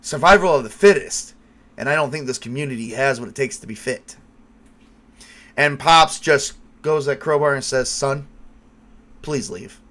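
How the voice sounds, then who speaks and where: A man narrating as game master with lively storytelling. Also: mid-range voice, moderate pace.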